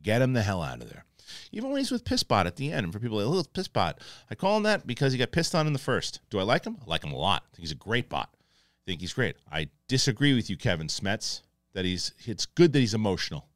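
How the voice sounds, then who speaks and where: Lively low-voiced man reviewing a show. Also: fast, no echo, clean studio sound. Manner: excited, rambling, acts out quoted lines. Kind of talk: casual spoken review.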